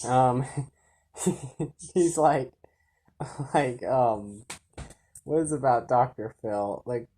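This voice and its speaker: A woman's voice: very deep voice, drawn-out words, pauses often, mellow, husky. A woman vlogger giving rambling casual commentary, full of fillers and chuckling asides.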